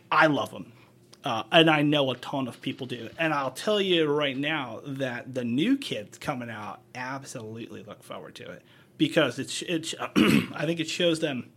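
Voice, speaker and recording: A man's voice: medium pitch, a little slow, fairly bright tone, husky. Man chiming in with agreement. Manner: supportive, frequent agreeing interjections. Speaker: podcast co-host, paramedic. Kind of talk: casual chat.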